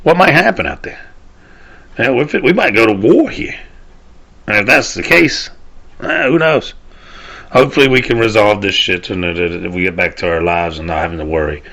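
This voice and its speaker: In a casual solo rant on his own show, a man from the Southern United States rambles and swears, often trailing off and restarting. He speaks at normal speed with lively intonation and long pauses, his low-ish voice gravelly and fairly bright.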